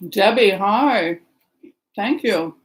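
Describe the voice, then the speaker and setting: A middle-aged woman from the Seattle area, Washington, hosts a livestream, chatting casually with live viewers, rambling and greeting them by name. Her medium-pitched voice is expressive, with drawn-out words. The audio is poor.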